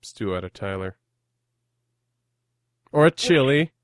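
A man's voice: mid-range voice, animated, takes it slowly, no echo, clean studio sound. A young man hosting a podcast in casual, self-deprecating chat, rambling and often laughing. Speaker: podcast host.

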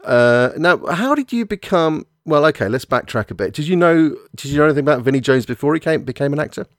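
Brief: English podcast host, joking and profane, lively pitch, dry close mic. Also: male voice, fast, no echo. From England. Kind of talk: casual podcast chat.

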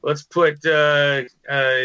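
A man's voice: a little high, flat delivery, very slow, sharp tone, clear, resonant tone. A male musician guest telling stories in a loose, rambling way, full of restarts and "you know". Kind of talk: casual storytelling interview. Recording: dull lo-fi sound.

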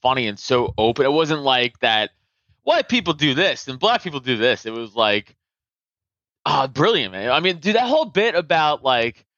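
A man chatting casually on a podcast, profane and animated, acting out comedians' jokes with a raised voice. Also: mid-range voice, moderate pace, no room sound, dull audio. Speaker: podcast host.

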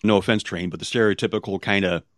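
Low-voiced man in relaxed podcast chat. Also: quick pace, dry recording. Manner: relaxed, stammers on restarts. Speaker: podcast co-host. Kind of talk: casual chat. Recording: dry close audio.

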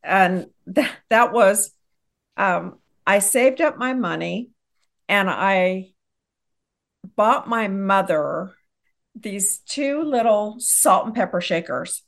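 A woman's voice: mid-range voice, animated, takes it slowly, vocal fry. A woman in a casual conversation, sharing a memory hesitantly and often restarting her sentences. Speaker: guest in a conversation. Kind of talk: casual chat.

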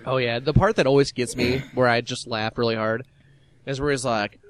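A man's voice: medium pitch, fairly even intonation, moderate pace. A man co-hosting a casual movie review podcast who laughs often and slips into put-on voices when quoting scenes. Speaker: podcast co-host.

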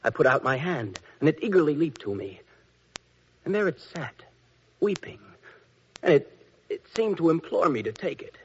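A man's voice: a little high, sing-song, normal speed, long pauses, a little hiss or hum. An actor playing an earnest young prince recounting his quest in an old radio play. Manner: earnest storytelling. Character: earnest young prince who found a frog. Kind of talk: 1940s radio acting. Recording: muffled old radio recording.

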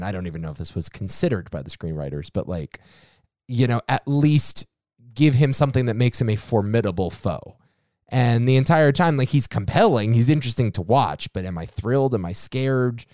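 A man's voice: mid-range voice, animated, brisk, warm tone, no echo, clean studio sound. A man co-hosting a casual movie-review podcast, recapping the plot with wry asides. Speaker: podcast co-host.

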